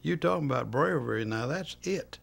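Older veteran with a gravelly voice. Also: male voice, mid-range voice, animated, a little fast. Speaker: war veteran interviewee. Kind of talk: recounting memories in an interview.

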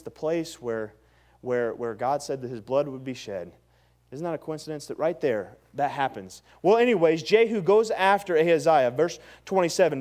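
A man pastor preaching a sermon, retelling scripture in animated, slangy storytelling with stammering restarts. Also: fairly high pitch, normal speed.

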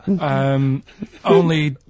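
A man with a Mancunian accent on a comedy radio chat, plain-spoken and halting. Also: medium pitch, dull audio, heavy background noise. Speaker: radio regular.

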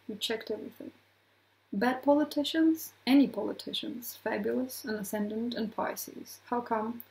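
A woman astrologer talking casually to her viewers, animated, acting out little quoted voices and laughing often. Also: a little high, vocal fry, poor audio. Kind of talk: casual astrology talk to camera.

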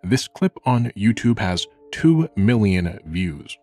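Young man, slight vocal fry, lowish voice, earnest scripted video essay narration, faint music behind. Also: very animated, dark tone. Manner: measured, earnest and reflective.

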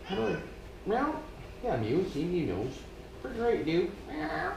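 Here a Canadian man talks through his work in a casual vlog, swearing, joking, and calling his audience "boys." His slightly high voice swings hugely in pitch, he takes his time, and there's background noise in the echoing room.

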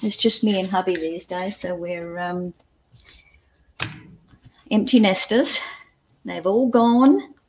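A woman's voice: medium pitch, takes it slowly, pauses often, rough recording. An older woman from Scotland with an Australian accent, hosting a casual live craft stream from home at her crafting table, chatting to viewers and musing aloud over measurements. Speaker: craft channel host. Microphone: camera at a crafting table.

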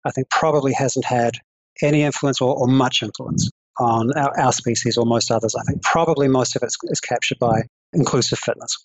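A man's voice: medium pitch, no room sound, rough recording. A man with a New Zealand accent, a psychology professor and podcast guest, explaining carefully and hedging his claims. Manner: measured, careful explaining with hedges. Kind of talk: conversational interview.

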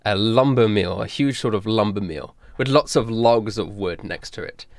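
A man's voice: lowish voice, normal speed, no echo, clean studio sound. A man running a tabletop game as game master, describing scenes with lots of fillers and restarts. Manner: rambling, hesitant description with many fillers.

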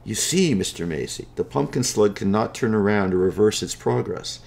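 A man's voice: on the low side, lively intonation, normal speed, vocal fry, darkish tone. A man voicing a sly, scheming male slug seller who talks in an oily, wheedling, folksy way in a spoken storybook.

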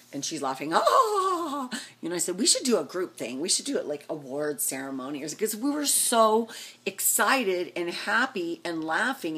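A woman vlogger telling a casual story, animated and acting out what people said with big jumps in her voice. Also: breathy edge. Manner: animated, acts out quotes with big pitch jumps.

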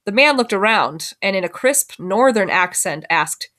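A woman's voice: mid-range voice, lively intonation, normal speed, sharp tone. A woman, a teacher, reading a novel aloud expressively and voicing the characters.

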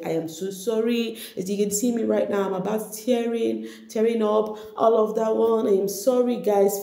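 Chatty woman vlogger, warm and roomy. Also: lowish voice. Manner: chatty, laughs often, addresses viewers directly. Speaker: celebrity gossip vlogger. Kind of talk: casual reality-show gossip commentary. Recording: echoey room.

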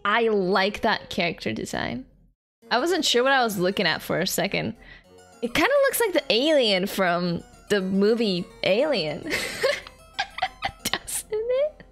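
A woman's voice: mid-range voice, animated, normal speed, a bit bright. A young adult woman streaming a game in casual commentary, playful, giggly and self-mocking. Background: faint game music.

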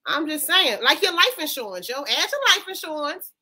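A woman from West Philadelphia with a Philadelphia accent, co-hosting a casual livestream chat over a video call in an animated, slangy way. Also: high-pitched, a little fast. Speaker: co-host.

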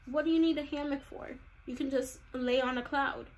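A woman's voice: high-pitched, steady tone, a little fast. Giggly, chatty young woman gamer. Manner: chatty, giggly, exaggerated reactions. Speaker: gaming vlogger. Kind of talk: casual gameplay commentary.

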